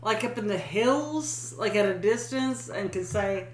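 A woman's voice: medium pitch, animated, a little slow, echoey room, a little hiss or hum. A woman, co-hosting a podcast and telling a story with casual swearing and laughter. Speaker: podcast co-host. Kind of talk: casual chat.

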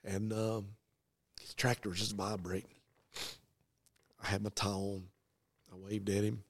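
Gravelly-voiced preacher telling a story. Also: male voice, on the low side, flat delivery, unhurried, no echo. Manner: earnest, folksy. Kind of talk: dramatic storytelling testimony.

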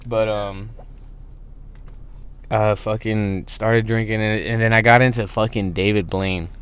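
A man's voice: lowish voice, fairly even intonation, unhurried, a bit bright, clear, resonant tone. A man in his twenties telling a story in casual podcast chat, rambling and swearing freely. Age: 20s. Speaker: podcast co-host.

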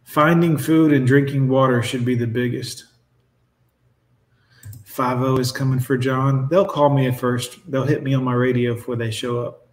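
A man's voice: mid-range voice, fairly even intonation, normal speed. Blunt, sarcastic man in his forties. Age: 40s. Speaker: streamer host reacting to videos. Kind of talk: casual reaction commentary. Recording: echoey room.

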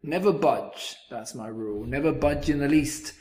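A man voicing a stubborn male Zax creature in a storybook read-aloud, loudly defiant. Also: medium pitch, moderate pace, reverberant, natural voice.

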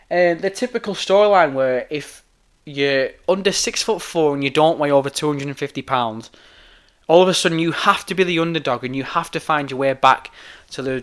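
A hoarse man rants into his podcast microphone, swearing freely and circling back over his points. His voice is bright, forceful and a touch high, worn rough from talking at length. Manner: heated, sweary, repeats himself. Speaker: podcast host. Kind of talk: ranting podcast commentary.

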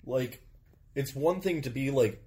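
A man's voice: mid-range voice, animated, moderate pace, mellow. A man co-hosting a casual film discussion, laid-back and rambling with lots of fillers. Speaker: podcast co-host.

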